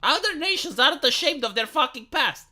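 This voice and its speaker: Live streamer, very bright and lively voice, swearing through a heated rambling rant. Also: high-pitched, brisk. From lives in Romania. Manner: laughs at own points. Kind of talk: ranting live-stream commentary.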